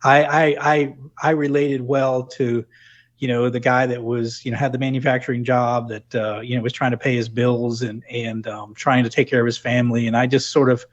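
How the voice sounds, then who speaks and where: A man's voice: mid-range voice, little pitch movement, normal speed, highs cut off. A middle-aged man from New England who has lost his accent, talking things through as a podcast guest, with many restarts. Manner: reflective, full of restarts and "you know". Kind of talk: casual interview talk.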